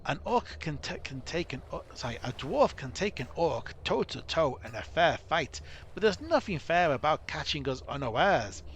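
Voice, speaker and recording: A man voicing a troubled male dwarf commander in a rough put-on accent, urgent and blunt. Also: a little high, big pitch swings, normal speed, a little hiss or hum, pitched above the performer's own voice.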